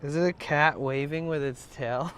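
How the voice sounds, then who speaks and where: Livestreaming outdoors from his phone on a van trip, a man chats casually with viewers, rambling through a story, swearing, and reading chat aloud. His voice is on the high side and fairly bright, unhurried, with slight background noise.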